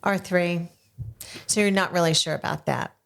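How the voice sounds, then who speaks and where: An older woman hosting a podcast, chatting with a child and coaxing him along with slow, gentle questions. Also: on the low side, steady tone, creaky. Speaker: podcast host interviewing her grandson. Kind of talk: casual interview chat. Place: small home podcast studio.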